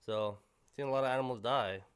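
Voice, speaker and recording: A man from Kodiak Island, Alaska, talks as a podcast guest in a relaxed, plainspoken way. His voice is smooth and clear. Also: mid-range voice, a little fast. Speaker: fishing guide, podcast guest. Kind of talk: casual chat. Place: studio.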